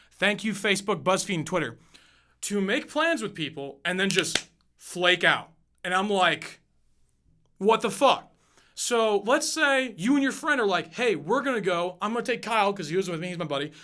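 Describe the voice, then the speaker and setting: Young dude podcast host going off, swearing nonstop, bright edgy voice. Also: male voice, high-pitched. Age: 20s. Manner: blunt, heated, swears constantly. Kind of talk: profane ranting podcast monologue.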